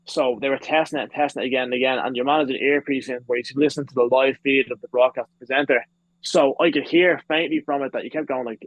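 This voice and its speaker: A man's voice: mid-range voice, steady tone, fast talker, no echo, low-quality recording. A man in his twenties with an Irish accent, a podcast guest telling long rambling stories and swearing freely in casual chat. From Ireland. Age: 20s. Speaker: guest, pro wrestler.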